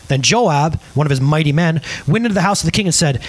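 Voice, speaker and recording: Male pastor, casual humorous sermon delivery, animated intonation. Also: a little high, brisk. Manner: casual, joking, lively storytelling. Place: church service.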